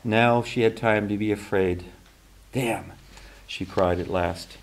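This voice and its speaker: Man giving a measured fiction reading. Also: lowish voice, fairly even intonation. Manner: measured, restarts now and then. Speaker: author and faculty member.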